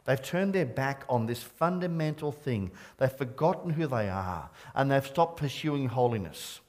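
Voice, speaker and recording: A middle-aged pastor from Scotland, with an Australian accent that keeps a trace of Scottish, preaching a sermon earnestly and emphatically, often stumbling and restarting words. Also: male voice, mid-range voice, expressive, moderate pace, a little mellow.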